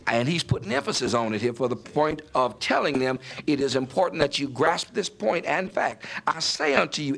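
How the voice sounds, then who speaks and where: Gravelly, emphatic male preacher. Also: very animated, a little fast, hardly any pauses, fairly bright tone. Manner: emphatic, building to raised pitch on key points. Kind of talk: sermon.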